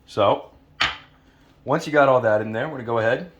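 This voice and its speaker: A man's voice: mid-range voice, brisk, highs cut off. A man from Louisiana giving a casual cooking tutorial in his home kitchen, laid-back and profane with joking asides. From Louisiana, USA. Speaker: home cook. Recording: noisy kitchen with frying sizzle. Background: food sizzling in a pan.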